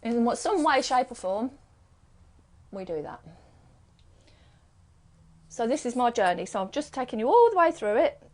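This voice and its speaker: Very animated and on the high side, a middle-aged British woman talks at normal speed, pausing often. She's a card reader hosting a live stream, rambling casually through a string of rhetorical questions.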